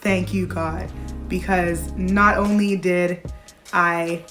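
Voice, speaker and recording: A young woman in her twenties, a pediatric nurse, telling a personal story to camera in a casual, animated way with bursts of laughter. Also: lowish voice, slow, faint music behind.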